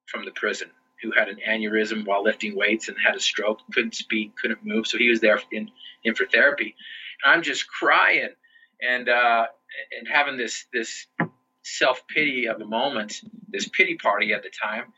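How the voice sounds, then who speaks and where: A man in his forties, a podcast guest, telling his personal story in an earnest, motivational way and slowing down for emphasis. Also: medium pitch, sharp tone, breathy edge. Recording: distant, dull lo-fi sound.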